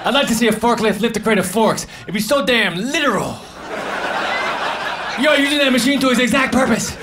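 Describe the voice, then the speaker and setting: A high-voiced man delivers deadpan one-liners and half-mumbled asides in a stand-up set. The live club recording carries clear audience noise and laughter underneath him. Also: brisk, crowd noise. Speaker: stand-up comedian. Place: comedy club stage.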